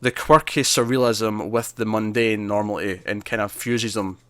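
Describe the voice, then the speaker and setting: A man's voice: lowish voice, steady tone, normal speed, sharp tone, no room sound. A man co-hosting a movie discussion podcast, talking casually and rambling with lots of fillers and restarts. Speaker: co-host of a movie discussion show. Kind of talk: casual chat.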